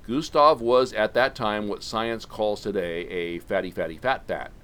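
A man's voice: on the low side, a little slow, fairly bright tone, clean tone. A man hosting a podcast, telling a story as a comic monologue full of wry, sardonic asides. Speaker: podcast host.

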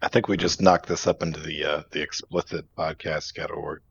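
A man chatting casually as a podcast guest, tossing in quick jokes. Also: very deep voice, level tone, gravelly, slight background noise. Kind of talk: casual gaming banter. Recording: dull lo-fi mic.

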